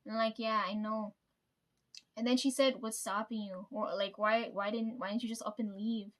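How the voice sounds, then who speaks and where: A woman's voice: medium pitch, fairly even intonation, moderate pace. A young woman vlogging casually to her viewers, venting about family with lots of swearing and "right?" tags. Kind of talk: casual personal vlog.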